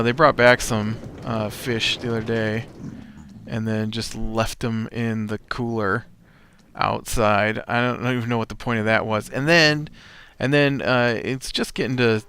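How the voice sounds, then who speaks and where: A man's voice: medium pitch, creaky, fairly bright tone, a little hiss or hum. A man hosting a let's play, telling a rambling story full of uhs and restarts with a wry edge while he plays. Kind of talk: casual storytelling while playing a game.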